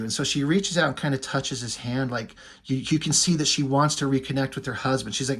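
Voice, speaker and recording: A man's voice: mid-range voice, a little fast, hardly any pauses, a bit bright, slightly rough. A man casually recapping a comic book story as a reviewer, retelling scenes with loose paraphrased quotes.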